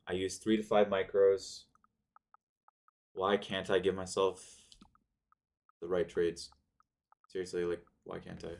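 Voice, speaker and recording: A man's voice: deep voice, level tone, slow, creaky, long pauses, darkish tone. A man talking through his day trades live, frustrated and hard on himself, swearing and saying "man" and "bro". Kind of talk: live trading commentary to himself.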